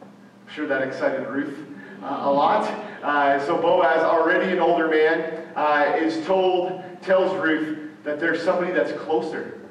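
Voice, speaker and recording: A man preaching a sermon, halting, with frequent fillers and restarts. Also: a little high, fairly even intonation. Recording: echoey hall from far off, faint ambient noise.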